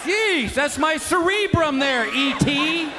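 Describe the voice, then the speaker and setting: A middle-aged man doing stand-up, his voice riding high and swinging widely as he acts out voices and shouts punchlines. It is a live stage recording, with a crowd laughing and plenty of noise behind him. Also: lively intonation, slow pace. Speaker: stand-up comedian. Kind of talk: stand-up comedy routine. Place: stage before a live audience. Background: audience laughter.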